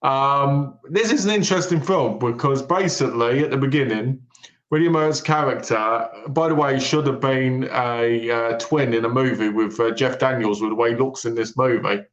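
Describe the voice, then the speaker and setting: Animated man recapping films in a roomy room. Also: mid-range voice, normal speed, muffled recording. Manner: animated storyteller, retells plots with quoted lines. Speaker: podcast co-host. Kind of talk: casual film-review chat. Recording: roomy echo.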